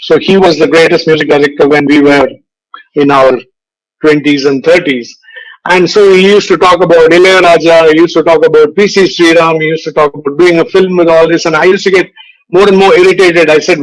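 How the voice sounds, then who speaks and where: An older man, an advertising veteran giving a motivational speech with unhurried storytelling. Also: on the high side, steady tone, rough recording. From India. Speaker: guest speaker, advertising veteran. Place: virtual event recording.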